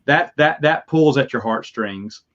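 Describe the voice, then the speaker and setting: Animated man, slightly muffled recording. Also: a little slow. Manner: animated, acts out his reactions with sudden high yelps. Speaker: podcast co-host. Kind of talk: casual chat. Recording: slightly dull, lo-fi sound.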